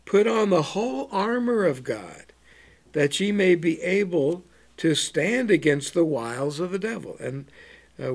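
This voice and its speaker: A man preaching a bible teaching, slow and halting, with many ums and repeated words. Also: fairly high pitch.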